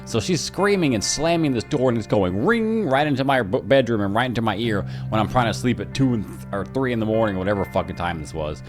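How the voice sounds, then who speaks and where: A young man casually telling a story from his own life, profane and animated. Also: medium pitch, brisk, hardly any pauses, music in the background.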